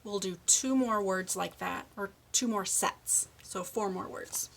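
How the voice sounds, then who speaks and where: A middle-aged woman leading a speech lesson for young children, modeling words slowly with exaggerated endings and steady encouragement. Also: medium pitch, gravelly, a little hiss or hum. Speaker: speech therapist.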